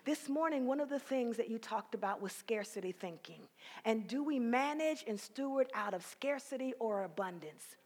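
A woman preaching at a conference, telling a story and building to fervent, near-shouted passages. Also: fairly high pitch, lively intonation, moderate pace, slightly rough. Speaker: conference speaker. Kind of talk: preaching sermon.

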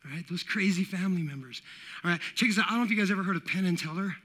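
A man preaching a casual, conversational sermon, often checking in with "all right" and building to loud high points. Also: rapid-fire. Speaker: pastor.

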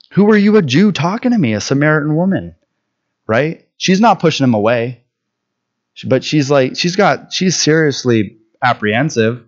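A man's voice: medium pitch, muffled recording. A man preaching a sermon in a conversational way, often checking in with "right?" and restarting his words.

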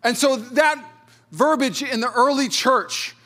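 A pastor in his thirties preaching a sermon with a fairly high, light voice. He talks in a conversational, storytelling way and pokes fun at himself. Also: takes it slowly, fairly bright tone. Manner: conversational, storytelling with self-deprecating humor.

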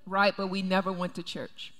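A woman's voice: fairly low pitch, flat delivery, moderate pace, fairly bright tone, in a large hall. A woman pastor preaching a sermon, emphatic and repeating her key phrases. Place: church sanctuary.

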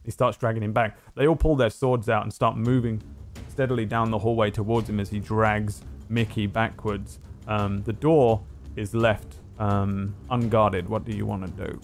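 A man's voice: on the low side, little pitch movement, normal speed, faint music behind. A man narrating as game master of a tabletop game, rambling and hesitant with many fillers.

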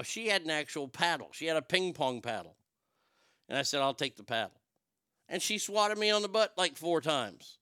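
A middle-aged man telling a long personal story in a profane, wisecracking way, with quick asides and voices for the people in it. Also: a little high, fairly bright tone, clean tone, no room sound, clean studio sound. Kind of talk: casual storytelling monologue.

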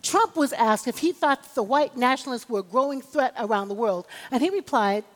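In a high, bright voice with lively intonation and a fairly quick pace, a woman preaches in a church sanctuary, where the large hall gives her words a long, ringing reverb. Her points rise in emphatic, rhythmic waves as she calls for amens.

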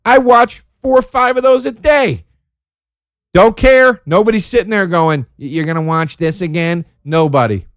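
A man doing a profane, sarcastic stand-up routine, ranting and jumping from loud high outbursts to low mutters. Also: normal speed, no echo, studio quality. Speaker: stand-up comedian.

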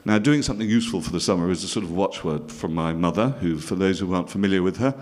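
A man's voice: deep voice, quick pace, darkish tone. A middle-aged man from northern England telling a stand-up story with dry, self-mocking asides to the audience. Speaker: comedian.

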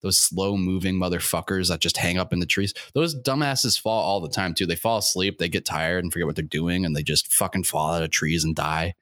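A man's voice: deep voice, fairly even intonation, brisk, few pauses, fairly bright tone, no room sound, studio quality. A young man hosting a comedic rant, rambling with many fillers, crude and profane, getting worked up as he goes. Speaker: podcast host.

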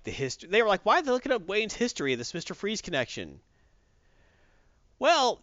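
A man co-hosts a casual podcast, recounting a comic plot with lively, swinging pitch. His voice is bright and fairly high, and the recording sounds dry and a little dull. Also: no echo. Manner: animated storytelling, acts out quotes. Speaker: podcast co-host recapping comics. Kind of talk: casual chat.

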